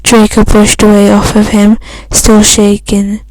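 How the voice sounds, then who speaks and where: A woman's voice: mid-range voice, monotone, a little mellow, no echo, poor audio. A woman reading a fan story aloud, stumbling and restarting often. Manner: halting reading with frequent restarts. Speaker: fan fiction reader.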